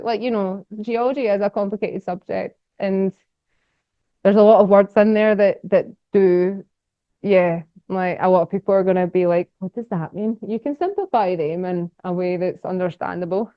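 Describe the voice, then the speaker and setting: A young woman from Scotland gives a relaxed conference talk as a guest speaker to a society, chatty and excited, rambling with plenty of fillers and laughter. Her medium-pitched voice is clear and resonant at a normal pace, captured in a dry recording that's a bit dull.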